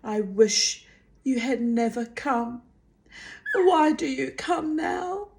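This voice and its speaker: A woman voicing a weary, bitter woman in a storybook reading, shrill and scolding, her voice cracking. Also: flat delivery, unhurried, darkish tone, slight background noise, natural voice. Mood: anguished.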